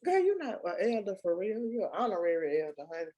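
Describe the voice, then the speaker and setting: A young woman with a Southern US accent co-hosting a casual chat, talking in an animated, emphatic, slangy way. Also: medium pitch, fast. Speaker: podcast co-host.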